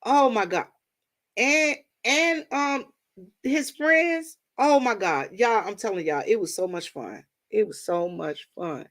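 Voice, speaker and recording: A woman's voice: a little high, takes it slowly. Chatty woman livestream host. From Washington, D.C. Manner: chatty, storytelling, addresses viewers as y'all. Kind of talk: casual chat with viewers.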